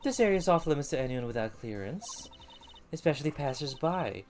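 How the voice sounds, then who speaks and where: A man's voice: a little high, big pitch swings, brisk, darkish tone, a little hiss or hum. A man doing a sassy woman lunch vendor. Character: brash sharp-tongued woman lunch vendor.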